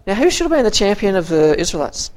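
A teacher leads an interactive Bible story lesson in a medium-pitched, a little mellow voice with big pitch swings. The delivery is halting, pausing to repeat words and toss questions to the listeners, and shifting into quoted voices for the characters.

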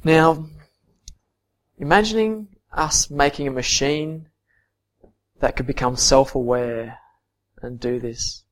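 Earnest man preaching, mid-pitched. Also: slow, pauses often. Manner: earnest, swings from soft to emphatic. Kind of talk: sermon with Bible reading.

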